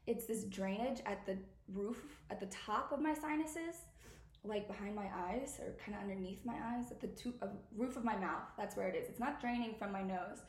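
A woman's voice: mid-range voice, normal speed, reverberant. A woman in her thirties hosting a podcast, chatting candidly and rambling, swearing freely, her throat irritated by allergies. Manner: rambling, confiding, swears freely, talks straight to listeners. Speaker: podcast host. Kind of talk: candid casual chat.

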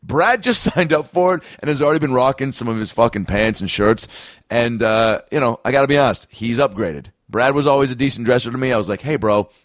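A man's voice: medium pitch, animated, a little fast, no room sound, clean studio sound. A man hosting a podcast, reading an ad and introducing the show in a hyped, loose and profane way. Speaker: podcast host. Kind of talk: casual ad read and show intro.

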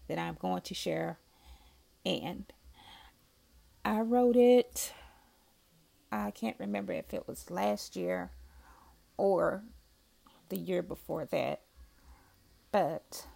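Slow, gravelly-voiced woman reading poetry. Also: fairly low pitch. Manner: slow, soft-spoken, with long pauses. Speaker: poet reading her own poems.

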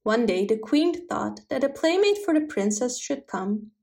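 A woman's voice: on the high side, lively intonation, normal speed, gravelly, a little mellow. Woman reading a fairy tale aloud. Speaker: storyteller.

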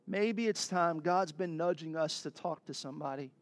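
Speaking at a normal speed, a pastor gives an earnest, exhorting sermon. His voice sits fairly high for a man, and he slips into lighthearted asides with a laugh, then drives his point home once more.

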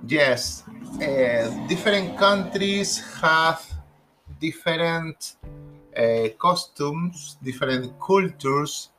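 A man whose first language is Spanish, speaking English in a halting, careful way during a casual conversation. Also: fairly high pitch, animated, bright, forceful tone, faint music behind, rough recording. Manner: slow, halting, careful non-native phrasing.

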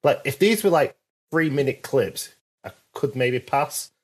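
A man's voice: medium pitch, animated, measured pace, slightly rough. A man co-hosting a casual chat, giving curt, blunt verdicts. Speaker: podcast co-host.

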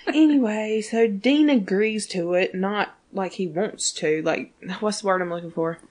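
Animated swearing woman recapping a show. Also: mid-range voice, unhurried. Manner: animated, swears freely, acts out characters. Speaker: podcast co-host. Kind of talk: casual recap chat.

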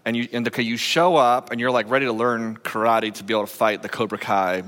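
A male senior pastor preaching a sermon in a playful, animated way, coaching a volunteer through a skit. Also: mid-range voice, fast talker. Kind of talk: sermon with a live audience skit. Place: church sanctuary. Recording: long echoing church hall.

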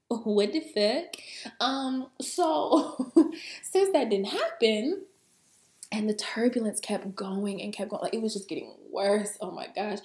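A woman hosting a podcast, telling a story in a casual, animated way, full of slang, swearing and laughter, then giving spiritual advice. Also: sits high. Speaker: podcast host and spiritual coach. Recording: roomy echo.

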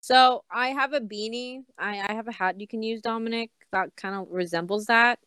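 A woman on a group video call, organizing the plans with a bossy, joking manner and quick laughs. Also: a little high, fairly bright tone, clean tone, dry recording. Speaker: organizer of a group parody film. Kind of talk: casual chat on a group call.

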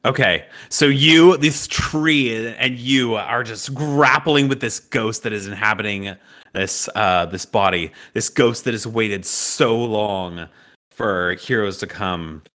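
A man running a tabletop game as game master, narrating and fielding players' questions in a quick, chatty way. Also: lowish voice, a bit bright.

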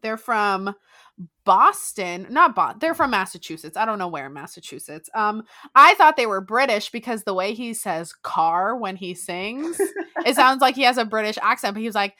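With a medium-pitched voice at normal speed, a young woman co-hosts a podcast, laughing a lot and swearing without restraint in a lively, giggly casual chat. There's no echo.

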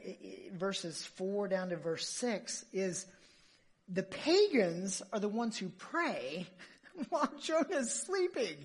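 A woman's voice: on the high side, a bit bright, husky. A woman preacher giving an emphatic sermon, full of rhetorical questions to her listeners.

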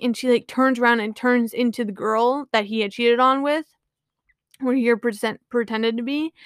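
A woman's voice: on the high side, smooth, dry recording, clean studio sound. A woman casually retelling a myth to her viewers, rambling with lots of "like" and "you know".

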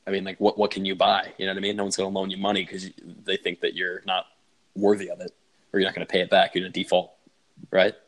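A man's voice: low voice, completely flat delivery, fast talker. A young man hosting a casual podcast, laid-back and chatty, swearing and using lots of filler words. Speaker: podcast host. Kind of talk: casual chat.

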